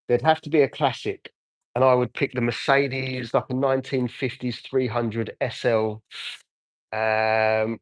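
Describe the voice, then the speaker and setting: English guy, 40s, live-stream car detailer; rambling, chatty, mid-pitched, dry close recording. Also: dry recording, poor audio. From England. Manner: chatty, rambling, reads out and answers viewer comments. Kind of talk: casual livestream chat while working.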